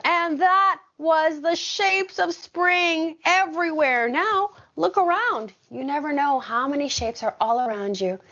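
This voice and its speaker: A woman's voice: sits high, a little slow, hardly any pauses, sharp tone. A woman reading a picture book to children and chatting as she points out the pictures. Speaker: school staff reading to children. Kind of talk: picture book read-aloud. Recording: dull lo-fi sound.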